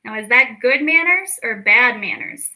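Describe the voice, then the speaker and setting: A young woman teaching a children's lesson, slow and encouraging as she speaks to young kids. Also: on the high side, lively intonation, bright, forceful tone, rough recording. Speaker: speech clinic storytime teacher.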